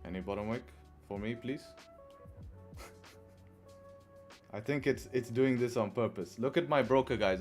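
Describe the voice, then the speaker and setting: Male trading streamer, mid-pitched, talks to chat, laughs through frustration, faint music under him. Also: normal speed, long pauses, darkish tone. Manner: chatty, addresses viewers as guys, laughs often in frustration. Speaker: forex trader live streamer. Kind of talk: live trading commentary.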